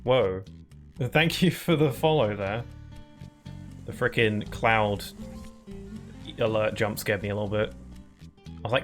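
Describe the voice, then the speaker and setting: Young British streamer with a posh-leaning accent. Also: male voice, fairly low pitch, a little slow, long pauses, soft background music. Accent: British, somewhat posh. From Britain. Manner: rambling, chatty, frequent fillers and laughs. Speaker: game streamer. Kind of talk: casual live-stream chat over gameplay.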